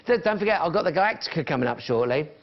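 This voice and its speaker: A man's voice: fairly high pitch, expressive, very fast, lo-fi sound, slight background noise. Chatty shopping-channel salesman. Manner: chatty, counts down falling prices. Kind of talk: live TV sales pitch. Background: music.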